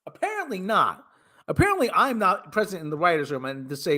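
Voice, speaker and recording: High, animated sarcastic man. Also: fairly quick. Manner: sarcastic, rambling, wisecracking. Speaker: host. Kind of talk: casual movie review commentary.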